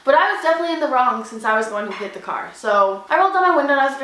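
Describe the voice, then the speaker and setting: A young Canadian woman vlogger telling a story loudly and animatedly, acting out each moment with lots of "like"s. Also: fairly high pitch, fast talker, hardly any pauses, reverberant, rough recording. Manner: loud, animated, dramatic retelling with many "like"s. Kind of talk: casual storytime.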